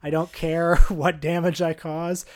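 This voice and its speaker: A man's voice: a little high, level tone, measured pace. A man co-hosting a podcast, telling stories in a wry, self-mocking, rambling way. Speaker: podcast co-host. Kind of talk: casual podcast chat.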